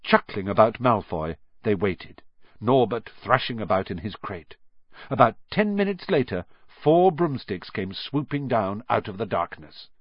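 A man reading a children's novel aloud as scripted narration, with expressive storytelling. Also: lowish voice, measured pace, no room sound. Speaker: audiobook narrator. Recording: dull, dry sound.

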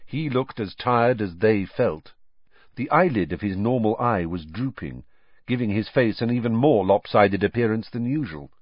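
A man narrates an audiobook in a low, lively voice, shifting expressively through the story. The recording is dry and slightly dull. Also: normal speed, dry recording.

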